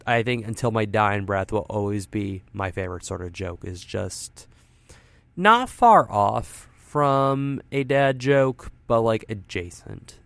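A man with a lowish, gravelly voice and a fairly bright tone hosts a radio show from a studio, wearing headphones at a studio mic. His casual on-air talk rambles, pokes fun at himself, and is full of fillers. The recording is dry.

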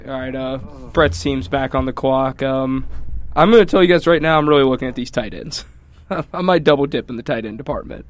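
A man in a casual group chat, thinking out loud with easy chuckles as he makes his draft pick. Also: medium pitch, a little fast. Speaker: fantasy draft participant.

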